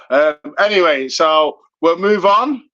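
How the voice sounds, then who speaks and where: A man's voice: fairly high pitch, animated, slow pace, bright, forceful tone. A British man co-hosting a casual chat, talking loosely with frequent laughs. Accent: British English. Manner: chatty, laughs often. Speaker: podcast co-host. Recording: dull lo-fi audio.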